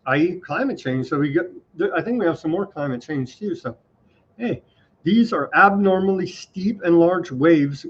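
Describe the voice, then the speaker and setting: A man hosting an online news show, reading items aloud and adding wry, casual comments. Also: fairly high pitch. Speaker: show host. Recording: dull lo-fi sound.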